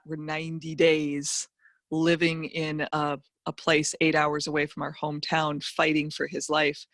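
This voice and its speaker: A middle-aged woman with a low-pitched voice, recorded in a clean studio with no room sound, is a financial educator speaking as a guest. She tells a personal motivational story with emphatic, animated delivery and vivid asides.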